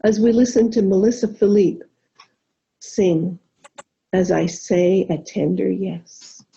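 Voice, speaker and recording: A woman minister giving a gentle, reflective sermon, telling a story and leading soft spoken affirmations. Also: mid-range voice, fairly even intonation, slow, gravelly. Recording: dull lo-fi recording.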